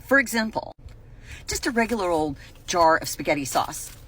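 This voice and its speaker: A woman from the United States telling a story in an animated, incredulous vlog. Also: fairly low pitch, moderate pace, breathy edge, poor audio.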